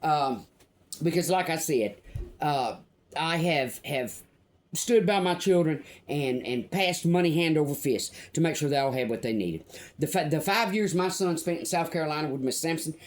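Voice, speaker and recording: An older woman from Louisiana ranting to camera as a vlogger, blunt, indignant and profane, with slow emphatic pauses. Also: low voice, expressive, a little mellow. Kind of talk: angry personal rant to camera.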